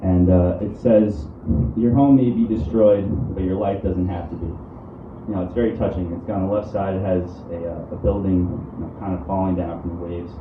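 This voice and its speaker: A young man from the New doing a stand-up set in a comedy club, deadpan and halting, with many ums and restarts. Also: low-pitched, phone-quality sound. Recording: roomy club audio from a distant mic with room noise.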